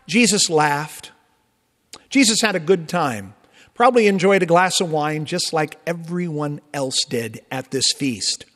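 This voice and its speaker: In a church sanctuary with long reverb, a Lutheran pastor preaches a sermon. His high-pitched voice has a fairly bright tone, and he mixes emphatic rises with conversational asides.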